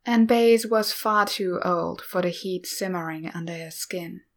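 A woman reading a story aloud in a calm, measured narration. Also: lowish voice. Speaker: reader. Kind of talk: fan fiction read aloud.

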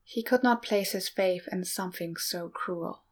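Woman reading fanfic aloud, calm, real slow, lowish voice. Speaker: reader. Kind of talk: fan fiction read aloud.

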